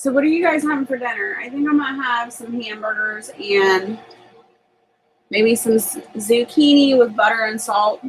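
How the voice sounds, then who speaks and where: A woman's voice: a little high, normal speed, a little hiss or hum, poor audio. A woman hosting a homestead channel, chatting casually on a live stream from her home kitchen and laughing often as she reads viewer comments.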